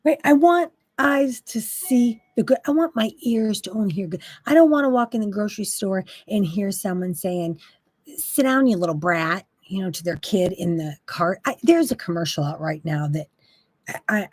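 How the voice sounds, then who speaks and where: A woman's voice: medium pitch, animated, normal speed, darkish tone, no echo. A woman hosting a faith-based monologue, talking in an impassioned, exasperated, preachy way. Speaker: Christian talk host.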